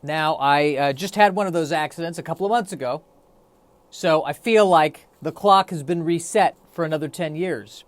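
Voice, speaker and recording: A man's voice: fairly high pitch, moderate pace, dry recording. A man hosting a solo podcast, rambling in a wry, self-deprecating way. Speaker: podcast host. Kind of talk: solo comedic podcast monologue.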